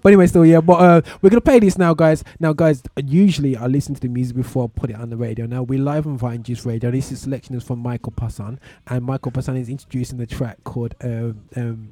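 A man's voice: medium pitch, steady tone, fast, hardly any pauses, dark tone, dry recording. A man hosting a live radio show, chatting casually, with lots of stammering restarts and laughs.

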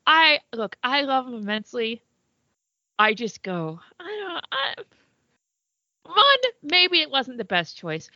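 A woman's voice: sits high, very animated, slow pace, pauses often, bright, forceful tone, no echo, lo-fi sound. A woman co-hosting a podcast in casual chat, swearing freely and trailing off mid-thought. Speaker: podcast co-host.

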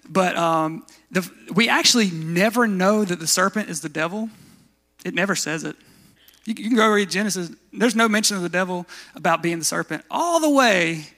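A man preaches a sermon in a casual, conversational way, often asking his listeners questions and then answering them himself. His voice sits high for a man and sounds bright. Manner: conversational, asks the congregation questions. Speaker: pastor.

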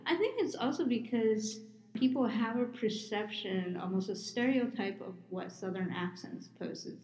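A woman's voice: mid-range voice, normal speed, a little mellow. A woman hosting a casual interview, listening attentively and affirming often. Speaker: interview host. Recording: dull, roomy sound.

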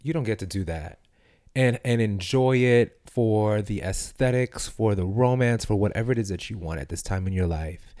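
A man's voice: fairly low pitch, normal speed, a little mellow, no room sound, clean studio sound. A man co-hosting a podcast, talking earnestly and laying out long arguments in a casual discussion. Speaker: podcast co-host.

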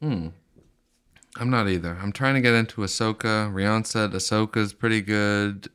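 A lowish, smooth-voiced man chatting on a podcast, playful and quick to laugh. The voice is clean and clear. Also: steady tone, a bit bright. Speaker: podcast co-host. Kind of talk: casual chat.

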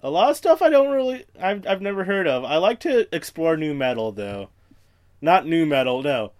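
A man's voice: sits high, big pitch swings, a little fast, a little mellow. A young man hosting a podcast alone, rambling through profane, self-mocking tangents in casual chat. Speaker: podcast host.

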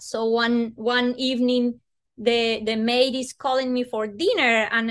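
A woman's voice: a little high, unhurried. Earnest woman telling a personal story. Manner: earnest, animated, acts out quoted voices. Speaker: guest.

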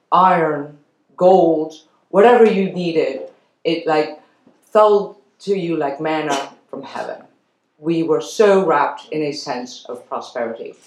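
Venezuelan-born woman giving a talk, earnest and emphatic, roomy hall sound. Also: sits low. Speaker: guest lecturer. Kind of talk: public lecture. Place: lecture hall.

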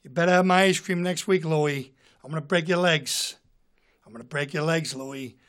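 A man impersonating a gruff, menacing tough-guy movie star who keeps asking "huh?". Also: normal speed, fairly bright tone, close to an everyday voice. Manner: low, growling, repeats "huh?".

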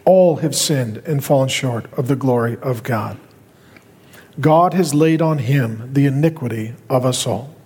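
A middle-aged male pastor preaching a sermon with impassioned, dramatic pauses, in a church auditorium. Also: mid-range voice, a little mellow, slightly rough. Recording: reverberant large hall.

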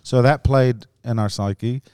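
Animated Lebanese-born man, smooth dry voice. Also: mid-range voice, unhurried, dry recording. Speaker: comedian guest. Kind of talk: casual podcast chat.

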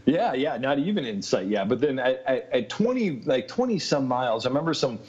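A man's voice: mid-range voice, big pitch swings, brisk, darkish tone, breathy edge. Rambling man telling a story, muffled. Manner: rambling, laughs often, many fillers. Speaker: interview guest. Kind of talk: casual storytelling. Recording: muffled lo-fi sound.

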